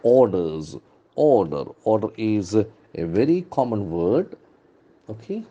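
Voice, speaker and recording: A man with an Indian English accent teaching vocabulary from the newspaper, repeating words slowly and spelling out their letters. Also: lowish voice, big pitch swings, warm tone, highs cut off. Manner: enthusiastic, calls words beautiful and brilliant. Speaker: English trainer.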